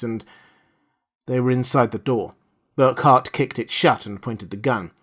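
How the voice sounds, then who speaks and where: A man reading a science fiction story aloud as an audiobook narrator, measured and dramatic. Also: mid-range voice, breathy edge. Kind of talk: scripted narration.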